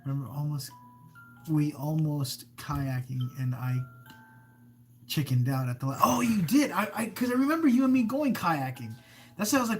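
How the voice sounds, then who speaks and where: A man's voice: a little high, lively intonation, normal speed. Rambling man hosting a creepy-stories stream. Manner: rambling, self-interrupting, reads viewer comments aloud. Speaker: live-stream host telling creepy stories. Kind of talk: casual live-stream chat. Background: faint background music.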